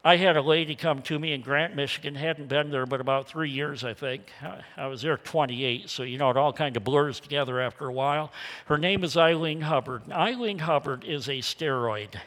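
An older male pastor preaches in a slightly high voice, telling stories and leaning hard into his key phrases. His words trail off into a long hall reverb. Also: brisk. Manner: storytelling, emphatic, swings loud and quiet. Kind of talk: sermon.

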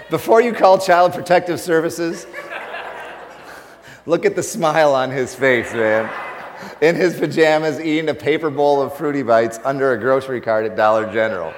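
Animated man preaching in a reverberant hall. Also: fairly high pitch, normal speed, pauses often, noisy background. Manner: animated, laughing storyteller. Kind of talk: storytelling sermon.

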